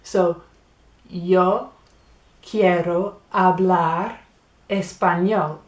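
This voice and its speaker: A woman's voice: mid-range voice, darkish tone, reverberant. A woman from Great Britain giving a patient spoken language lesson, spelling out and repeating words. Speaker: Spanish teacher.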